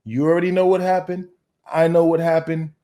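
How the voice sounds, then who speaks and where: A man hosting an interview, encouraging and reflective, often pausing with fillers. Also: a little high, little pitch movement, mellow. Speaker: host. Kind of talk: conversational interview.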